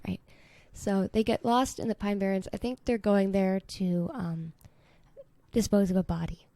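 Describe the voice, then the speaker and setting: A woman's voice: medium pitch, fairly even intonation, moderate pace, warm tone, dry recording. A woman co-hosting a podcast, chatting casually and retelling a story with lots of "like" and "um" and frequent giggles. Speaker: podcast co-host. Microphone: podcast mic.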